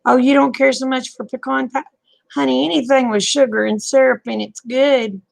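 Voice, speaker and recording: A woman's voice: sits high, flat delivery, moderate pace, gravelly, no room sound. An older woman, hosting a casual late-night chat and calling viewers honey and babe. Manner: folksy, calls people honey and babe. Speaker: live stream host.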